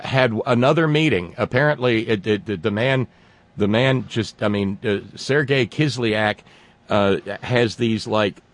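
A man hosting a political talk show, speaking in a halting, sarcastic way with many restarts. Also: lowish voice. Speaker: talk radio host.

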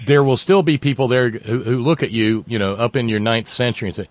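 A man's voice: medium pitch, fairly even intonation, fairly quick. A man hosting a radio chat in a folksy, joking way, often restarting his sentences. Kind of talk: casual radio conversation.

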